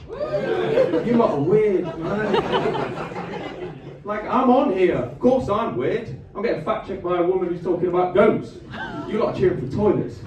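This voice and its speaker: Here a man with a high-pitched, sing-song voice performs stand-up at a comedy club, bantering with the audience between jokes. He holds a stage microphone, tossing off quick asides to the crowd. Captured from afar, the club audio is echoey with background noise.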